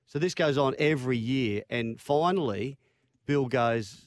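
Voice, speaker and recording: A man telling a long joke, halting and restarting his phrases. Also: medium pitch, dry recording. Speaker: joke teller.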